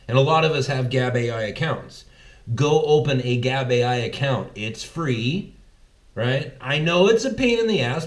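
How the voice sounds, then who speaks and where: Emphatic man, lively pitch, echoey room. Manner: emphatic, rhetorical, keeps asking "right?". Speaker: podcast host. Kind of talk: political commentary monologue.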